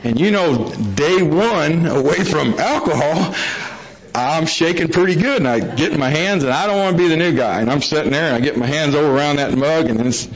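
Speaking briskly in a slightly high voice, a middle-aged man recounts a comic tale of his recovery to listeners. His delivery is folksy, jokey and plain. It comes through on a dull, lo-fi recording.

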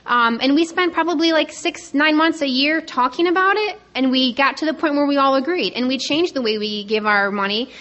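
A young woman speaking on a conference panel, sharing her story quickly, a little nervous and excited. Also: sits high, lo-fi sound. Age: young adult. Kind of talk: personal share talk.

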